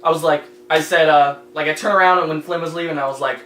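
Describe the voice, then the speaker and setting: Young male podcast regular, slightly high voice, rambling crude storyteller, echoey room with faint hum. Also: fairly even intonation, quick pace. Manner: rambling storyteller, crude, yells in retold quotes. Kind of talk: casual chat among friends.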